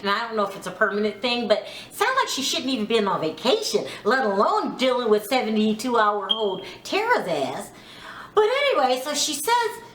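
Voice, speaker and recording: A woman's voice: on the high side, fairly bright tone, echoey room. A woman giving a casual, frank recap of a reality TV episode. She is opinionated, curses a little, and acts out the lines she quotes. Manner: frank, opinionated, mildly profane.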